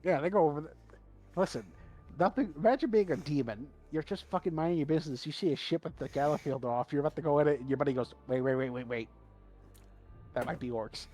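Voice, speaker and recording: A man's voice: on the high side, quick pace, warm tone, slightly rough. Ranting, profane male podcast co-host. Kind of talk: casual chat.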